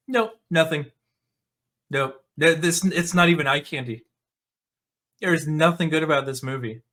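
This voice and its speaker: A man's voice: on the high side, a bit bright. A man hosting his own casual movie commentary, talking in a sarcastic, mocking way.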